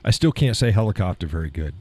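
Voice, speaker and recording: A middle-aged man hosting a live stream and bantering with his chat, laughing a lot and joking at his own expense. His voice is low and mellow, with a lively, swooping pitch. He sounds close and dry on a desk mic, with a leftover cough. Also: fast talker, slightly rough, no echo. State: lingering cough, clears throat. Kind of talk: casual chat reading viewer comments.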